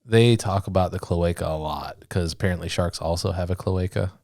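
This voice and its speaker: A young man co-hosting a podcast, easygoing and quick to laugh in casual chat. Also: deep voice, darkish tone, dry recording, clean studio sound. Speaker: podcast co-host.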